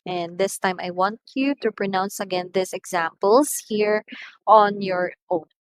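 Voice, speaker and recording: A woman with a Filipino accent teaching an English lesson, slowly and deliberately, stressing example words loudly. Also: medium pitch, slight background noise, poor audio. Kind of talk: recorded lesson.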